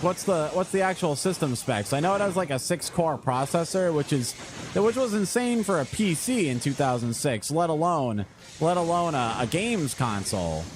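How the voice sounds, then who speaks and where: Animated swearing male game streamer. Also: a little high, noisy background. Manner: animated, swears often, jumps between rambling asides and frustrated outbursts. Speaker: gaming streamer. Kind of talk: casual live game commentary.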